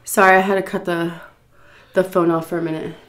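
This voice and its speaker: A breathless woman just getting over the flu tells her story straight to her viewers in a chatty, unscripted vlog. Her voice sits a little low for a woman, and she keeps pausing to catch her breath and sigh. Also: little pitch movement. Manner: chatty, addresses viewers directly. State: recovering from flu, sighing. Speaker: food vlogger. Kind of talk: casual storytelling to camera.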